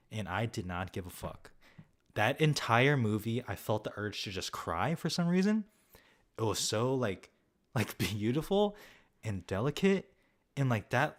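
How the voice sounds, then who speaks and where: A young man reviewing films in a casual, rambling way, peppered with filler words and swearing while he answers viewers. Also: fairly low pitch. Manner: rambling and loose, heavy use of filler words, swears freely. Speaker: film vlogger.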